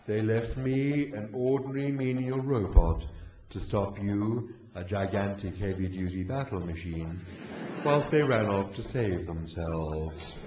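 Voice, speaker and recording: Gloomy male robot, low and dragging, deadpan, voiced by a male reader; echoey hall. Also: natural voice. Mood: mournful. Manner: slow, deadpan, mournful delivery. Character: gloomy, depressed male robot, slow and weary. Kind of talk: live story reading. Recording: echoey hall, dull muffled sound, noisy.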